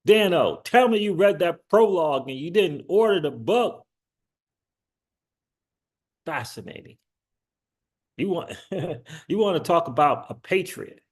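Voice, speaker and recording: A man hosting his own online channel, talking in a loose, rambling way, laughing often and rising in pitch when he gets excited. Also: unhurried, long pauses. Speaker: crypto channel host. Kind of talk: casual livestream commentary.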